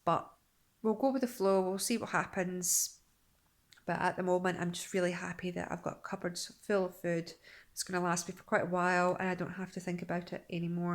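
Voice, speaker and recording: A young woman, chatting casually in a daily vlog, rambling with restarts and quick laughs. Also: medium pitch, fairly even intonation, a bit bright. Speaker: vlogger.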